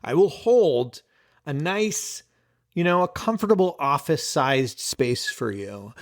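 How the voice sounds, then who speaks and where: A man's voice: a little high, lively intonation, a little slow, no echo, studio quality. A man hosting a casual solo podcast as an ADHD coach, playful and self-deprecating, often giggling and restarting his sentences.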